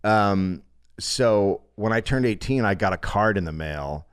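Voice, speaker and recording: Middle-aged man from California, profane comic storyteller, lively swooping pitch. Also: unhurried, clean tone. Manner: profane, animated, laughs through punchlines. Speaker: podcast guest. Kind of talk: comedic storytelling.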